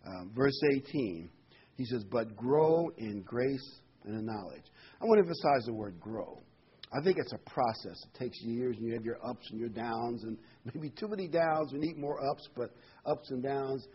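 A man's voice: medium pitch, normal speed, breathy edge. Man preaching a conversational sermon. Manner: conversational preaching with fillers and rhetorical questions. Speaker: pastor. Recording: slightly dull recording with faint noise.

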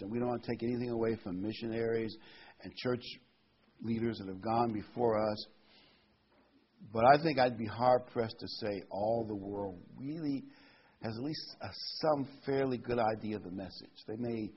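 A man with a husky voice delivers a sermon, leaning hard on key scripture words. The recording sounds dull and lo-fi. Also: mid-range voice. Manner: emphatic, reads and stresses scripture words. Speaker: preacher.

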